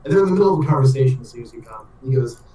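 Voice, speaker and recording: A man narrating as game master, describing the scene casually with lots of fillers and pauses. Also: mid-range voice, lively intonation, mellow. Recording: roomy echo, distant mic.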